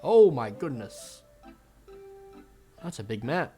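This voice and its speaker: A man's voice: medium pitch, very animated, takes it slowly, mellow, soft background music. Chatty man streaming a game. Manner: chatty, self-mocking. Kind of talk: casual let's-play commentary.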